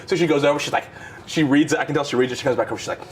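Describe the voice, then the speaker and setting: A man's voice: fairly high pitch, very fast, a little hiss or hum. A man telling a wild anecdote in a casual chat, laughing through it. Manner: animated, laughing through the story. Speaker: storyteller on a podcast.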